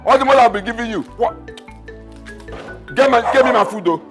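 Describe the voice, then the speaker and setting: A man's voice: very high voice, brisk, loud music behind the voice. A middle-aged man with a Nigerian accent, playing a callous, mocking father in a film drama. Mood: scornful. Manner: mocking, scornful. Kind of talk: film acting.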